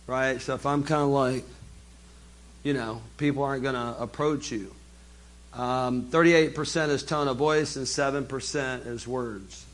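A man giving a live business seminar, lively and jokey, speaking straight to the audience. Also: mid-range voice, measured pace.

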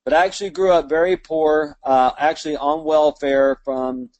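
A man's voice: a little high, steady tone, normal speed, darkish tone, dry recording, dull audio. A man in his fifties from Alabama, speaking with a Southern accent and giving a motivational talk as a small business owner, folksy and self-deprecating. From Mobile, Alabama. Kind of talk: motivational storytelling speech.

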